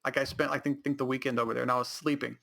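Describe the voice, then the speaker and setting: A man's voice: medium pitch, flat delivery, rapid-fire, vocal fry, bright, forceful tone. A young man from the Sacramento area co-hosting a podcast, rambling in casual chat and laughing often. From Sacramento area, California. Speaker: podcast co-host.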